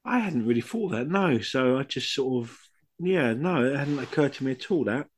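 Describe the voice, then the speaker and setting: A man co-hosts a podcast in an easy, agreeable way, often downplaying himself. His pitch sits mid-range but moves around a lot. He talks quietly and unhurriedly. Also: expressive, normal speed. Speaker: podcast co-host. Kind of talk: casual podcast chat.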